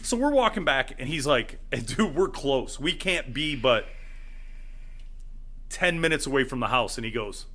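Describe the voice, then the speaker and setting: A man's voice: medium pitch, big pitch swings, normal speed, bright, forceful tone. A man in his thirties, a co-host telling a story in casual chat, laughing and acting out the voices of the people in it. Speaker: podcast co-host.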